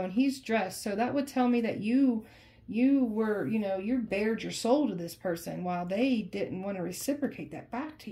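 A woman's voice: medium pitch, warm tone. A woman doing a casual tarot reading for viewers, talking in an emphatic, conversational way and often repeating her phrases. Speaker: tarot reader.

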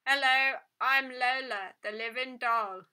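A tinny, metallic doll voice, put on by a woman reading aloud, pushing out its stock lines with no warmth. It sounds flat and mechanical, and its tone is bright and forceful. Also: high-pitched, slow, clean tone, exaggerated voice. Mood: flat, insistent. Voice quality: metallic, phone-like. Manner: stiff, repetitive stock phrases. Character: metallic talking female doll, repetitive and empty.

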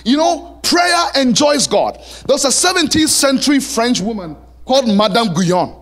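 A male pastor preaching a sermon in a church, animated and lively, now and then singing a line. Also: very high-pitched, normal speed. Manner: animated preaching, sings song lyrics and plays voices.

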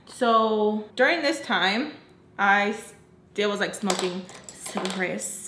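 A woman's voice: medium pitch, expressive, moderate pace, fairly bright tone. A young woman vlogger telling a casual story, frank and profane, with lots of fillers. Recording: roomy echo.

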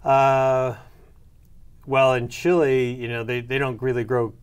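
A man's voice: medium pitch, flat delivery, takes it slowly, clean tone. A middle-aged man answering interview questions about his research, hesitant with many fillers and restarts. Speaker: soybean breeder and agronomy professor.

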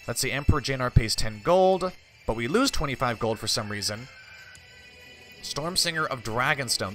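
A man's voice: mid-range voice, very animated, measured pace, sharp tone, soft background music. A man hosting a let's play, reading game text aloud in a mock-regal tone between wry, offhand asides. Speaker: gaming channel host.

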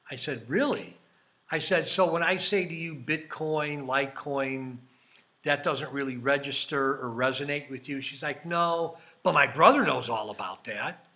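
Chatty man with a bright voice. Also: fairly high pitch, normal speed. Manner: chatty, rambling anecdotes with quoted dialogue. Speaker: crypto YouTuber. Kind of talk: casual storytelling vlog.

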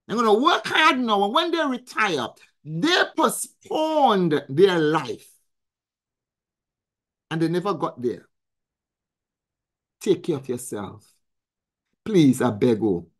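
A woman hosting a weekly live coaching stream, talking in an emphatic, preacherly way, repeating phrases and answering viewers in the chat. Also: mid-range voice. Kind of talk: motivational live-stream talk.

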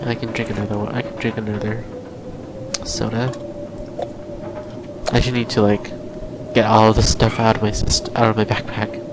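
Against background noise, a young man speaks at a normal speed with a fairly low, fairly monotone voice, pausing often. The gaming channel host is exhausted late at night, mumbling casual let's-play commentary to himself as he plays a survival game, with sighs and nervous laughs.

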